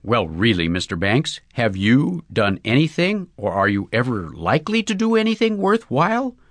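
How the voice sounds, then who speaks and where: A man's voice: medium pitch, big pitch swings, moderate pace, dry recording, lightly acted. A man voicing an ambitious young woman with a cool, scornful manner.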